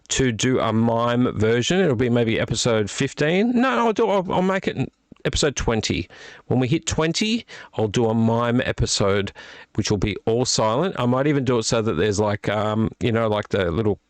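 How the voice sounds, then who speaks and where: A man hosting a casual late-night vlog from a small room at home, his voice strained and croaky from illness, rambling and self-deprecating with many fillers. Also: medium pitch, no echo. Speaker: vlog host. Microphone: attached desktop microphone.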